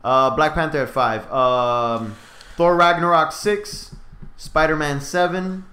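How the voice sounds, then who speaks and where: A man's voice: on the high side, fairly even intonation, takes it slowly, bright, forceful tone. A man in a casual chat, ranking movies, laid-back and stammering through restarts. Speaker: podcast co-host. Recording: roomy echo.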